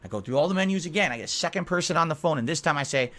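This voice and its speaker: A man's voice: fairly high pitch, animated, very fast, hardly any pauses, sharp tone. A man telling a story on a commentary podcast, acting out both sides of his phone calls.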